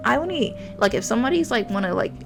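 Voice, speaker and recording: A woman's voice: fairly high pitch, sing-song, fast, gravelly. A young woman streamer reading a romance game aloud. She giggles and drifts into rambling asides. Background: game music.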